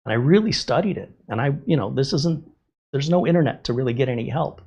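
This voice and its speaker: A man's voice: medium pitch, lively intonation, quick pace, vocal fry, darkish tone, slightly rough, highs cut off. A middle-aged man hosting a livestream, candidly telling a personal story in casual talk. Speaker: host. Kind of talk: livestream chat.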